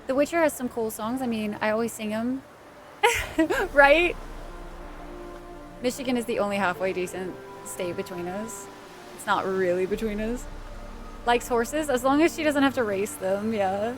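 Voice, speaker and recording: A woman live streamer chats casually with viewers while gaming, thanking people by name and laughing easily, with faint game music behind her. Her voice is fairly high, at normal speed, with long pauses.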